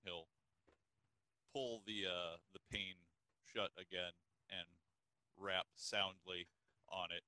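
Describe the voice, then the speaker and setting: A man playing a tabletop game, narrating his character's actions in a measured way over a voice call. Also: sits low, steady tone, sharp tone, no echo. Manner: measured, with fillers. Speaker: player.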